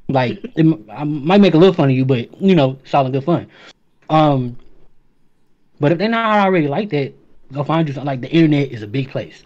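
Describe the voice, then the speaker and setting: A man's voice: on the high side, animated, brisk, darkish tone. A man co-hosting a gaming podcast, laid-back and joking in casual chat, on a lo-fi mic. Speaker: podcast co-host.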